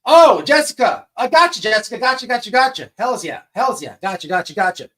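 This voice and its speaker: A man's voice: extremely high pitch, fairly quick, distant mic. A man hosting a casual livestream, telling stories in a rambling, profane way and greeting people in the chat. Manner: animated, profane, rambling storyteller. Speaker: livestream host.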